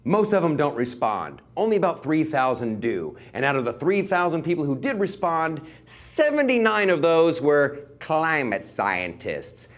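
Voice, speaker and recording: A man's voice: a little high, sing-song, unhurried, few pauses. A male comedian doing a sarcastic stand-up monologue, rambling with filler words.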